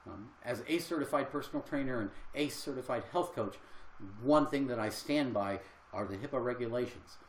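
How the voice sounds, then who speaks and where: A man's voice: mid-range voice, moderate pace, slight background noise. Earnest older man in an echoey room. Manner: earnest, conversational, rambling with fillers. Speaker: health coach. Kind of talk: casual livestream talk.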